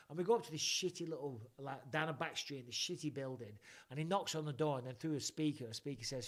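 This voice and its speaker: A middle-aged English man with a somewhat high voice hosts a casual live chat. He rambles through long anecdotes and swears freely. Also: fairly quick, few pauses. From England. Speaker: podcast host.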